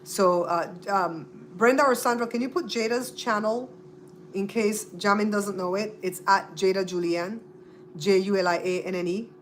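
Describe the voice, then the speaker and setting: A Belizean-accented woman hosts a casual livestream, chatting with viewers and repeating and spelling out their names. Her voice is medium-pitched at a moderate pace, with slight background noise.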